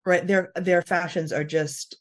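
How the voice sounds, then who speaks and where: A woman hosting a podcast in casual chat, talkative and quick to laugh, with frequent fillers and restarts. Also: lowish voice, steady tone. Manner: chatty, laughs often, many fillers and restarts. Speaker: podcast host.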